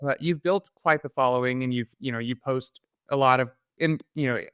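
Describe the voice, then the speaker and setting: A man's voice: mid-range voice, a little fast, fairly bright tone, clean tone, no echo. A man hosting a casual podcast interview, easygoing and agreeable, often chiming in with short affirmations. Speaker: podcast host.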